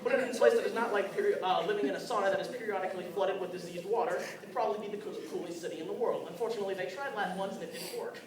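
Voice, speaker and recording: A man's voice: sits high, very fast, few pauses. A nervous teenage boy performs a self-deprecating stand-up monologue at a school open mic. He stumbles and restarts often. He is heard from a distance in a very echoey hall with a crowd audible around him. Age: teens. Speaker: student comedian.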